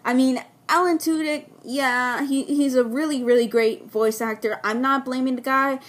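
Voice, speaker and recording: Female reviewer with a somewhat high, strained voice; eager, rambling casual delivery. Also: fairly even intonation, normal speed. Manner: enthusiastic, rambling with frequent restarts. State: losing her voice. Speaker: film reviewer. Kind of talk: casual spoken film review.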